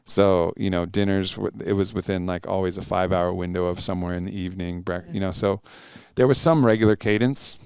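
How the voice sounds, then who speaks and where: A man's voice: deep voice, fairly even intonation, fairly quick, few pauses, a little mellow, clear, resonant tone, no echo, clean studio sound. A middle-aged man telling stories in an earnest, reflective way as a guest in a casual podcast interview.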